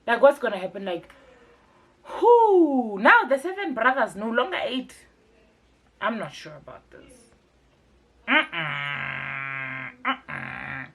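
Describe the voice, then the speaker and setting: South african woman vlogging a show recap, bouncy animated pitch, chatty. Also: a little slow, husky. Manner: chatty, expressive, mixes in local words. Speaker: TV review vlogger. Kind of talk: casual recap commentary.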